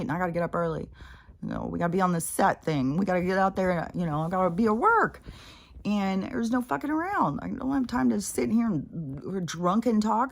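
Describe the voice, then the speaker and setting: A middle-aged woman in a casual personal monologue, blunt and profane, rambling through a story. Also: on the low side. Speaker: spiritual vlogger.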